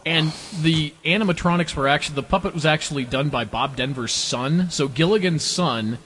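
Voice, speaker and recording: A man with a somewhat raised pitch hosts a casual podcast chat. He rambles, laughs often and lets his sentences trail off into quieter mumbling. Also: moderate pace, a little hiss or hum. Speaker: podcast host.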